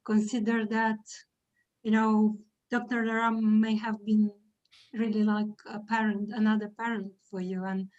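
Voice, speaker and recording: A woman translator speaking on a video call in an earnest, halting way, with frequent pauses. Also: medium pitch, little pitch movement, darkish tone, highs cut off. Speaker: book translator. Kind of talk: casual video call chat.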